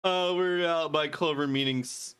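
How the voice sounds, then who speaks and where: Bright, laughing male game streamer. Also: fairly high pitch, fairly even intonation, measured pace, smooth. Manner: rambling and self-amused, laughs often. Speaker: gaming streamer. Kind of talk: casual gameplay commentary.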